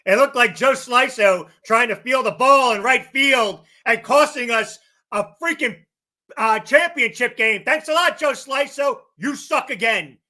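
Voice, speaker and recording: Male podcast co-host, furious profane rant, high, bright and sharp. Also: measured pace. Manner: angry, shouting bursts, profane. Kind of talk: heated sports rant.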